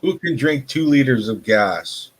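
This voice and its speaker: A man chatting casually on a live stream, gruff and exasperated. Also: medium pitch, expressive, unhurried, low-quality recording.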